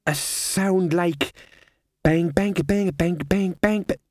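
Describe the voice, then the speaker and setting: A man's voice: on the high side, animated, a little slow, a little mellow, no room sound, pitched above the performer's own voice. A man voicing a restless young male harpist from the valleys, eager and fidgety, in an audiobook.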